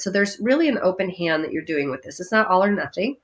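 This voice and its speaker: A woman talking as a podcast guest about breathing exercises, animated, dropping into playful voices for her inner thoughts. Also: fast talker. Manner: lively, acts out inner voices with big pitch jumps. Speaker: guest energy healer. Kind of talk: podcast interview, coaching talk.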